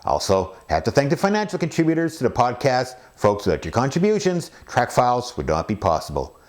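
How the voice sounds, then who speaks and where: A man's voice: medium pitch, wildly swooping pitch, fairly quick. A man hosting his own hobby podcast, reading announcements and links in an upbeat, playful announcer manner. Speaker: podcast host. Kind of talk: scripted podcast narration.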